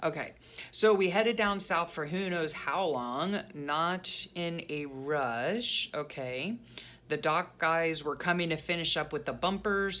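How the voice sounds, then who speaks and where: A middle-aged woman rambling casually through her journal pages at home, often pausing to recall what happened. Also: deep voice, a bit bright. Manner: chatty, rambling, pauses to recall. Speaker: journaling vlogger.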